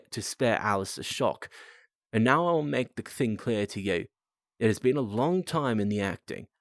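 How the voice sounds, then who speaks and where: A man's voice: on the low side, no echo, clean studio sound, natural voice. A man voicing a grim, dying old man with a put-on Australian accent, in a storybook reading.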